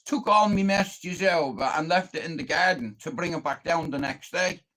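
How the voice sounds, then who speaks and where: A man's voice: on the high side, normal speed, pushed and bright. An Irish man livestreaming, telling a long, confrontational story full of swearing and boasting. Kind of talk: casual storytelling rant.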